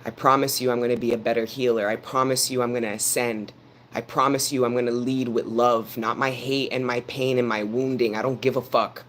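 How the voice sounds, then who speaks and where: A man's voice: mid-range voice, flat delivery, brisk, a bit bright, slight background noise. A man giving a live tarot reading, talking earnestly and preachily straight to his viewers and repeating phrases for emphasis. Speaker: tarot reader.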